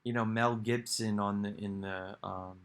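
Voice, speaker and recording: A man's voice: fairly low pitch, steady tone, a little slow, fairly bright tone. A man giving a rambling, reflective monologue for his video, musing aloud with sighs and restarts. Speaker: video creator.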